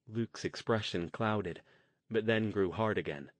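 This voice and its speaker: A man reading an audiobook as narrator, in steady storytelling. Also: lowish voice, measured pace, dry recording. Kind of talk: scripted narration.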